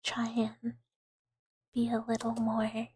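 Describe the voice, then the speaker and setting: Breathy whispering woman on an asmr stream, giggly, high voice, unhurried. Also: completely flat delivery, darkish tone, slight background noise. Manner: giggly, playful, repeats words as triggers. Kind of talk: whispered ASMR livestream chat.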